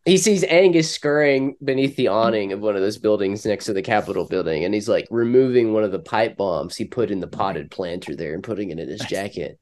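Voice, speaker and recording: A man's voice: lowish voice, lively intonation, brisk, few pauses, darkish tone. Rambling profane man, podcast banter. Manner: rambling, profane, acts out scenes. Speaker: podcast co-host. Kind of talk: casual comedic banter. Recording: lo-fi home audio.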